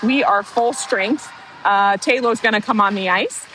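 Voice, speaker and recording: A woman calling play-by-play for a youth hockey game, excitable and openly rooting for her team. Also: medium pitch, a little slow, slight background noise, rough recording. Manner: excitable, partisan, apologizes for getting worked up. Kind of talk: amateur youth hockey commentary.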